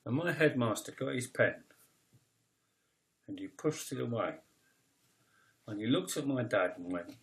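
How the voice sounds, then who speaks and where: A man in his fifties pours out a personal confession about his own life. His talk is raw and emotional, with stumbling restarts, repeated words and blunt swearing, and his pitch sits at an ordinary middle level. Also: expressive, unhurried, creaky, pauses often, husky. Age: 50s. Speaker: poet telling his life story.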